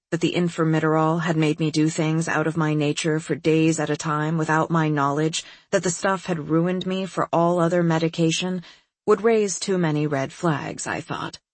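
A woman with a husky voice reading a first-person novel in a wry, detached manner. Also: low voice, dry recording. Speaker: audiobook narrator. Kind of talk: scripted first-person narration.

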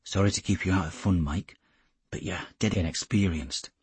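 Man reading burly gruff commando, curt low orders, deep husky voice, dry sound. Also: normal speed, no echo.

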